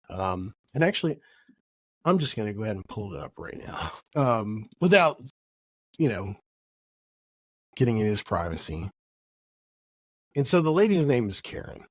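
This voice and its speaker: A man's voice: medium pitch, no room sound. Middle-aged male host, casual storyteller, rambling and jokey, dry close sound. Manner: rambling, self-correcting, jokey. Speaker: podcast host.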